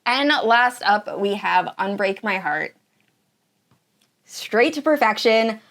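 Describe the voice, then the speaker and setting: A woman's voice: medium pitch, lively intonation, takes it slowly, fairly bright tone. A woman reviewing books in a casual chat, gushing and enthusiastic, with lots of fillers. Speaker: book reviewer. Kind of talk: casual tier-ranking chat.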